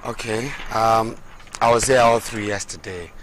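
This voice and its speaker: An actor with a Nigerian accent playing a shy young student who stammers and hesitates. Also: male voice, lowish voice, fairly even intonation, measured pace, a bit bright, slight background noise. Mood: hesitant. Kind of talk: film acting.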